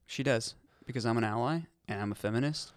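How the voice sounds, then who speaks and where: Podcast dude, rambly and foul-mouthed, dead dry mic. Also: male voice, medium pitch, quick pace, dry recording. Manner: rambling, profane storytelling with sudden outbursts. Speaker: podcast co-host. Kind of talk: crude comedic podcast banter.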